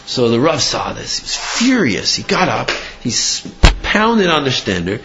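A man's voice: medium pitch, unhurried, gravelly, noisy background. Guy telling a story to a class, bouncy up and down voice, muffled lo-fi sound. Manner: lively, with frequent restarts and acted quotes. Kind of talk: animated storytelling. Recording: muffled lo-fi recording.

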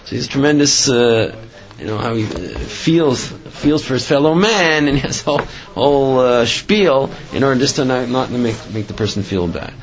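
A man's voice: mid-range voice, animated, moderate pace, muffled recording. A man giving a religious storytelling talk, rambling with many restarts and filler phrases. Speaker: religious speaker.

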